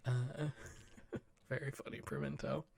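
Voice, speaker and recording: Soft-spoken gravelly man reading news. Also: mid-range voice, fairly even intonation, unhurried, dry recording. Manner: soft-spoken, dry, jokey asides, stumbles over words. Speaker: ASMR news reader. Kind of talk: whispered news reading with asides.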